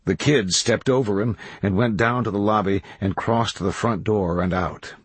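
A man reading a novel aloud as audiobook narrator, in measured, even storytelling. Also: lowish voice, husky, no echo. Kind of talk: scripted narration.

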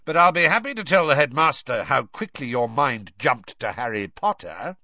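A man voicing a gruff, scarred old male wizard who growls and barks his menacing lines. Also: medium pitch, sing-song, moderate pace, bright, forceful tone, no room sound, pitched above the performer's own voice, full character voice. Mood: barking. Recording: dry, slightly dull recording.

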